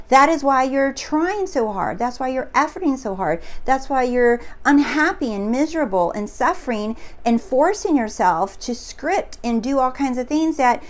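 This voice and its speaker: A woman coaching her viewers in a casual, earnest spiritual talk that repeats itself and gets excitable. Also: high voice. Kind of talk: casual teaching monologue.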